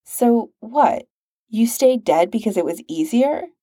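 An earnest, blunt soldier man with his eyes on the mission, as a woman reader puts him on. The voice is mellow and warm, recorded dry and close for a storybook reading. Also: fairly high pitch, expressive, slow pace, dry recording. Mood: pressing. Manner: direct, pushing questions.

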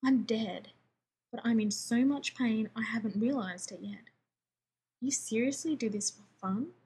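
A woman's voice: on the high side, unhurried, a little mellow, slightly rough, heavily acted. A woman voicing a grumpy, demanding male scientist who talks in a snappish, sarcastic way, read as part of a story. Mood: breathless.

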